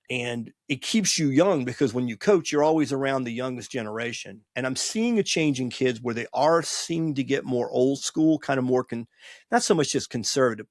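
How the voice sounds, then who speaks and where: A man's voice: mid-range voice, no room sound, studio quality. A man in his sixties from the Washington, D.C. area, hosting a podcast and telling rambling, nostalgic stories in a casual monologue. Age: 60s. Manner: rambling, digressive, nostalgic storyteller. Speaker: podcast host and college baseball coach.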